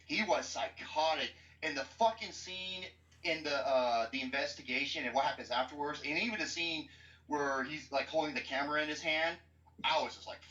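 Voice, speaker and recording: Young woman, podcast co-host, animated profane ranter; dull roomy recording. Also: sits low. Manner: excitable, profane, animated ranting. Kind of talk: casual movie chat. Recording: dull, roomy, distant mic.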